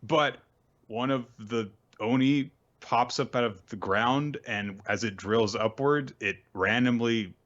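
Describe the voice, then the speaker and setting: A man's voice: mid-range voice, slow pace, a bit bright, highs cut off. A man hosting a casual recap show, talking in an offhand, wry and profane way with plenty of fillers. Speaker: host of a manga recap show.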